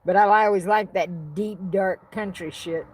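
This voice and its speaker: A woman's voice: medium pitch, measured pace, darkish tone, husky. A woman from Arkansas, chatting bluntly and rambling on a casual livestream, answering her chat.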